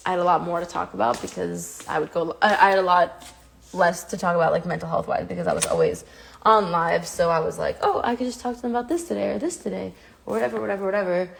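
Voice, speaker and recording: A woman's voice: medium pitch, creaky, slight background noise. A woman in her twenties chatting candidly and confessionally to fans on a phone livestream from home, rambling and self-conscious.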